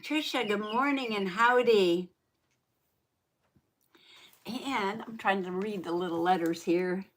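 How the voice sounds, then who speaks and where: A woman hosting a craft journaling live stream, greeting viewers by name in a folksy, chatty way with soft laughs. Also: mid-range voice, slow, pauses often. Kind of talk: casual live-stream chat.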